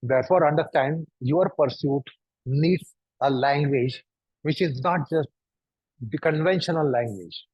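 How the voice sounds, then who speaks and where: A man with a somewhat high, breathy voice leads a yoga class at a measured pace, walking students through poses. He keeps pushing them with the same probing rhetorical questions again and again. There's no echo, though the recording sounds dull and lo-fi.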